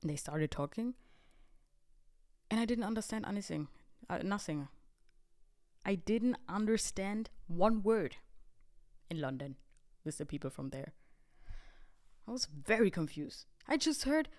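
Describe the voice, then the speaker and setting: Young woman podcast host in her twenties, casual storyteller, animated and self-deprecating, mid-range voice. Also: medium pitch, a little slow, pauses often. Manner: chatty, animated, self-mocking.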